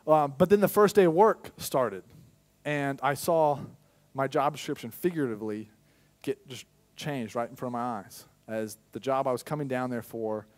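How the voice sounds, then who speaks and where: A young man giving a personal testimony sermon as a pastor in a church, telling his story candidly with sudden loud bursts. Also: mid-range voice, moderate pace.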